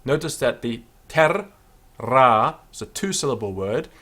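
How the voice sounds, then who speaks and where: A man giving a Latin pronunciation lesson, chanting each phrase slowly and then explaining the sounds. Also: mid-range voice, expressive, bright, forceful tone. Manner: slow, deliberate, sings out each Latin word then explains. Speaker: Latin teacher.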